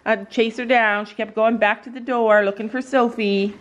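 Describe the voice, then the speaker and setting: A woman's voice: a little high, steady tone, fairly quick, lo-fi sound, slight background noise. A middle-aged woman from Canada, chatting casually to her camera in a barn on her family farm, laughing often and cooing at her dogs. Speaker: vlogger, mother running a family farm channel. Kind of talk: casual vlog chat.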